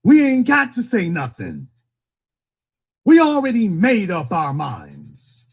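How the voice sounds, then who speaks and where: A man's voice: high voice, wildly swooping pitch, slow pace, gravelly, husky. A man hosting a political call-in show, talking in a fiery, emphatic way and hammering his points home with repetition.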